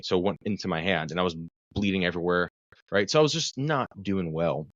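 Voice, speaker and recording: A man with a low, deep voice tells a long story from his own working life in casual podcast chat. He swears often and talks loosely, doubling back to correct his words. The sound is dry and somewhat muffled. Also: fast, a bit bright, no room sound. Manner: profane, rambling, self-correcting storyteller. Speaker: guest, mental health clinician for first responders.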